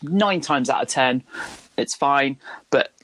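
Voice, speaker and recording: A man's voice: mid-range voice, takes it slowly, fairly bright tone. A man co-hosting a comedic podcast, sarcastic and ranting, swearing freely. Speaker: podcast co-host. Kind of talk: casual comedic chat.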